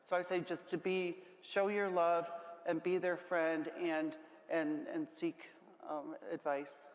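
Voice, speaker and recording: Halting, tearful woman in an echoey hall. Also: lowish voice, little pitch movement. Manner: halting, with many restarts. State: holding back tears. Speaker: panel guest. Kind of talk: emotional panel talk. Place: large conference hall. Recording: echoey hall with long reverb.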